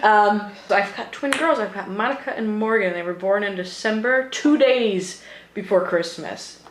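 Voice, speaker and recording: A woman in her thirties co-hosts a casual podcast, chatting, laughing and swearing a lot. Her voice is mid-range at a moderate pace, recorded in an echoey room with faint noise.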